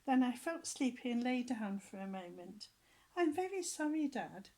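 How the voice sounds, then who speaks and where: A woman's voice: fairly high pitch, lively intonation, normal speed, mellow, a little hiss or hum, voice pushed up, natural voice. A woman putting on a snivelling little tattletale boy. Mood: pleading. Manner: snivelling, whining.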